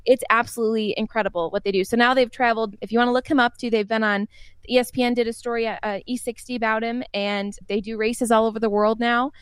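A woman's voice: on the high side, fairly even intonation, fast talker, smooth, dry recording. A young woman, an interview guest, telling family stories in a chatty way and laughing often. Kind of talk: casual storytelling in an interview.

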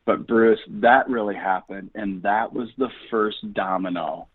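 A ministry founder guests on a radio interview, heard over dry phone-line audio with no echo. His lowish, slightly rough voice moves at a measured pace as he talks enthusiastically, earnest and encouraging like a preacher.

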